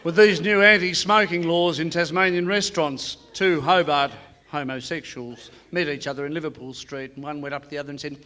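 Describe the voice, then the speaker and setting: A man's voice: fairly high pitch, steady tone, a little fast, sharp tone. A male comedian telling cheeky one-liner jokes on a theatre stage. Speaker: stand-up comedian. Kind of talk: live stand-up joke telling. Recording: long theatre reverb.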